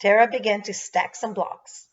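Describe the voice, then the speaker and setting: A woman preschool teacher reading a children's storybook aloud in an expressive storytelling manner, on a dull lo-fi recording. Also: mid-range voice, moderate pace. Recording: dull lo-fi sound.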